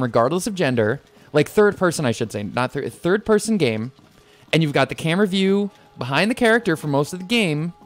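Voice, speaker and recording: A man streaming a video game, chatting in animated, jokey and rambling commentary into a desk microphone. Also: fairly high pitch. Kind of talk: let's play commentary. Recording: game music behind.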